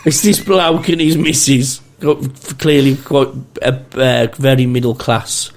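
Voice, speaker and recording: A man's voice: medium pitch, a little slow. A British man on a podcast, telling stories in casual chat, swearing freely and laughing a lot as he acts out the people in them. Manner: animated storyteller, swears a lot, laughs often, acts out quoted voices. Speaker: podcast co-host.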